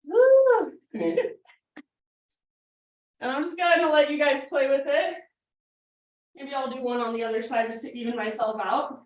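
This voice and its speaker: Echoey yoga teacher, high voice. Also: female voice, steady tone, a little fast. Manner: casual, encouraging cues while demonstrating poses. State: out of breath. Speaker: yoga instructor. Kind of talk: guided yoga class instruction. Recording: echoey room, mic at a distance.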